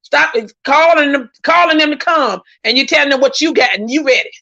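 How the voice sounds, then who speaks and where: A woman's voice: high-pitched, fairly quick, vocal fry, sharp tone, lo-fi sound. A woman host chatting casually on a livestream, reading viewer comments and speaking with emphatic repetition. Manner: talkative, emphatic, repeats herself for emphasis.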